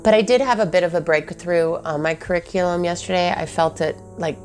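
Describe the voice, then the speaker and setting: A woman's voice: on the low side, fairly quick, darkish tone, soft background music. A woman thinking aloud in a reflective personal monologue, with many fillers and questions to herself.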